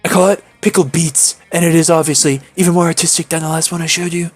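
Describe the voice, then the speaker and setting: A man's voice: a little high, little pitch movement, fast, soft background music, natural voice. A man doing a pompous artsy vampire photographer. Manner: pompous, artsy and self-serious.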